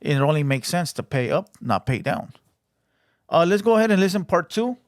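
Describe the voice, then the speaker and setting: A man's voice: on the high side, sing-song, normal speed, no echo, clean studio sound. A young Mexican-American man hosting a reaction show, talking bluntly and casually with lots of "right?" and "bro". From United States. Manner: blunt, profane, talks with many "right?" and "bro". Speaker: reaction channel host.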